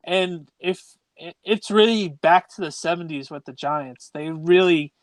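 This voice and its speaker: A man co-hosting a casual sports podcast, chiming in with quick agreement and opinions. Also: fairly high pitch, no echo. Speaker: podcast co-host.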